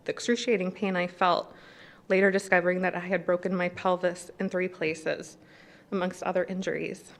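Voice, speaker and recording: A woman in her thirties reading a prepared statement at a city council meeting. She is emotional and close to tears, and her delivery is shaky and halting at a podium microphone. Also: fairly low pitch. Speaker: resident speaking at public comment.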